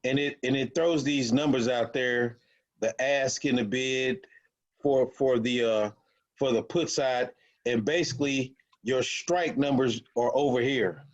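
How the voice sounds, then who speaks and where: The leader of an online options trading group explains things casually while sharing his screen, repeatedly restarting sentences and using lots of fillers. His voice is mid-range, and the recording lacks highs.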